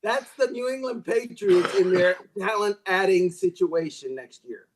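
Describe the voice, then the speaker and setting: A male sports writer guest chats casually and spins animated, jokey stories. His voice is notably high for a man. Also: unhurried, low-quality recording. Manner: animated storyteller with jokey analogies.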